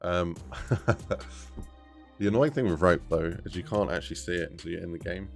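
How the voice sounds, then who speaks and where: Male streamer, low and gravelly, rambling as he works, soft music behind. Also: normal speed. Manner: rambling, thinks aloud, talks to chat. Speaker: streamer making a game map. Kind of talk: casual live-stream chat while working.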